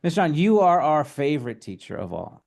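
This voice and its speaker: A man mimicking fawning high school students. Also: sing-song, a little fast, vocal fry, a little mellow, full character voice.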